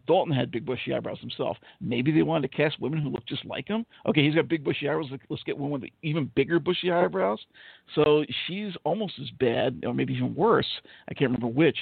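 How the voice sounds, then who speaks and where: A blunt, sarcastic man rambles through a casual, opinionated film review, swearing freely and leaning on fillers. His medium-pitched voice is gravelly and husky, and the dry recording sounds tinny, like it's coming over a phone line.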